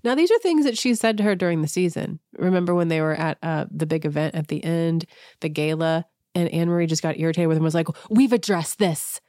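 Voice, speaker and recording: A woman with a low, deep voice chats through a casual recap as a podcast host, full of sarcasm and quick mimicry of the people she quotes. Her voice sounds close and dry, with no room around it. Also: a little mellow, no echo.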